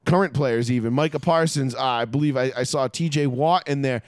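A man ranting in casual sports chat as a podcast co-host, profane and animated. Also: medium pitch, fairly quick, no room sound, clean studio sound.

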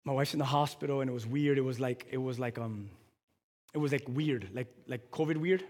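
A man preaching as pastor, telling a story that swells into loud, fervent preaching. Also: medium pitch, brisk. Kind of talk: sermon storytelling. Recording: long hall reverb.

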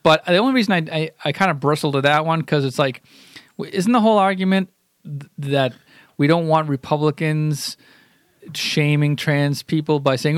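A man's voice: fairly high pitch, normal speed, smooth, no echo. Man, podcast co-host, blunt, rambling, casual chat, dry close sound. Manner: blunt, rambling, swears offhandedly.

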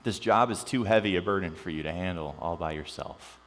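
A man preaching a sermon in a reverberant church hall, his lowish voice rising animated and falling to quiet emphasis. A faint mains hum sits under the long reverb. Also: brisk. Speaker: pastor.

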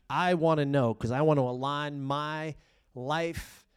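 Animated man preaching a sermon. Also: fairly high pitch, unhurried, smooth. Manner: animated, swings from loud emphasis to hushed asides. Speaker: pastor.

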